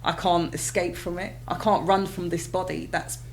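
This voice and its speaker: Animated British woman telling her story. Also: fairly low pitch, normal speed, gravelly, a little hiss or hum. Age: adult with children. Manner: animated storytelling, acts out her own past reactions. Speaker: guest. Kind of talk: casual interview.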